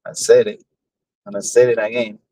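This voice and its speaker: A man streaming live, asking simple questions in halting, unsure English. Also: fairly low pitch, level tone, dark tone, dry recording, poor audio. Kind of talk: casual chat.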